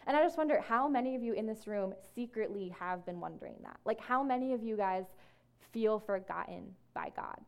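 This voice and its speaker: A woman gives a faith talk to a room of listeners in a relaxed, chatty way, full of little "like" and "um" fillers. Her pitch sits in an ordinary middle range for a woman. When she reads a verse she slows right down and lets it land. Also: creaky, clean tone. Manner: casual and conversational, many fillers like "like" and "um"; slows down to read scripture. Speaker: ministry staff speaker. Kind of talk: talk to a group. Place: room with an audience.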